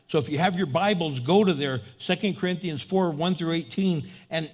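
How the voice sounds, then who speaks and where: Man, pastor, sermon, high voice, fervent, call and response, loud and soft by turns. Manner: fervent preaching, prompts the congregation to respond; swings between loud exhortation and low, intimate asides.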